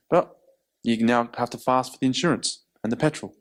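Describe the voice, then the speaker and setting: A man preaching a sermon in an animated way, acting out quoted voices. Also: medium pitch, moderate pace. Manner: animated, acts out quotes, laughs between points.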